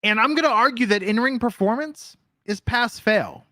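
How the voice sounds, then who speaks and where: A man's voice: very high-pitched, moderate pace, pushed and bright, no echo. A man co-hosting a wrestling podcast in casual chat, dry and wry, with hesitant fillers. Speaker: podcast co-host.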